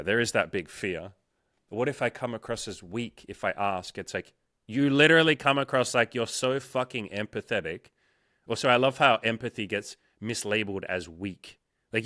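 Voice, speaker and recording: A young man coaching on dating speaks bluntly and swears freely, acting out little quoted exchanges as he goes. His voice is bright and forceful. The sound is dry and close. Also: lowish voice, normal speed, dry recording. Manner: blunt, profane, animated storytelling with acted quotes. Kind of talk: casual interview chat.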